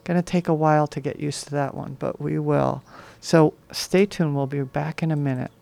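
A woman's voice: low voice, fairly even intonation, normal speed, creaky, dark tone, no echo. A woman co-hosting a community radio talk show in a reflective, casual way, with light laughter. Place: radio studio.

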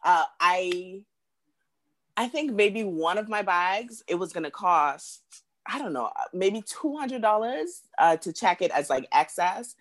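A woman from the Bahamas, appearing as a guest in a casual chat, tells a personal story in a lively way. She speaks unhurriedly in a mid-range voice, repeating words as she acts out what people said.

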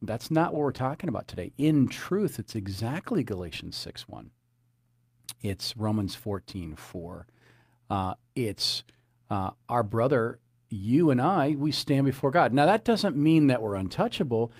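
A man's voice: medium pitch, expressive, measured pace, darkish tone, husky, dry recording. Earnest man preaching, dry sound. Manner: earnest, repeats phrases, quotes scripture. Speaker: pastor. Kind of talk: preaching sermon.

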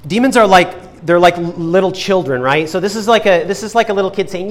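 A young man preaching from the pulpit with a fairly high voice. He shifts from soft, slow emphasis to quick, lively asides and briefly acts out voices in his stories. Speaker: pastor. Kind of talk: sermon.

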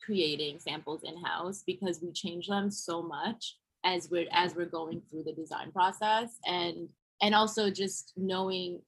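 A woman's voice: lowish voice, steady tone, measured pace, few pauses, slightly rough, low-quality recording. A young woman designer telling her story in a casual podcast interview, full of fillers like "like" and "you know". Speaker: fashion designer guest.

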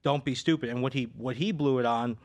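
A man's voice: medium pitch, quick pace. A man working as a sports betting advisor, telling stories in a casual chat, with many restarts and fillers.

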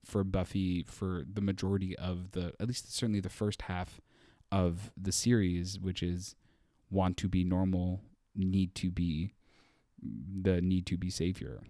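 A man's voice: low-pitched, fairly even intonation, measured pace, dark tone, no echo, studio quality. A man co-hosting a casual podcast, rambling with lots of "like", swearing now and then and laughing easily. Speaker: podcast co-host. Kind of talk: casual chat.

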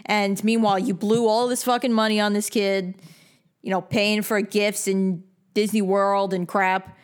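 A woman's voice: medium pitch, little pitch movement, a little slow, clear, resonant tone. A young woman from New York giving blunt, bossy advice in a casual rant full of swearing. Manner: blunt and heavily profane; bossy, lecturing.

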